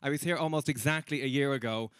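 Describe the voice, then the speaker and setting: Irish male stand-up, young, bright crisp voice, chatty, self-mocking, dry close sound. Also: medium pitch, fast, dry recording. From Ireland. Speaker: stand-up comedian. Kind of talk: stand-up comedy set. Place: comedy venue stage.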